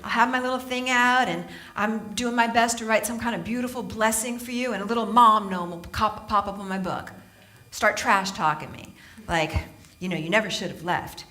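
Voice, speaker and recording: A woman from Southern California speaks on stage to a live audience. Her voice is slightly high and very bright, and she tells animated stories full of playful asides and frequent laughter. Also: normal speed. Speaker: motivational speaker and author. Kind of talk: humorous inspirational talk to a live audience.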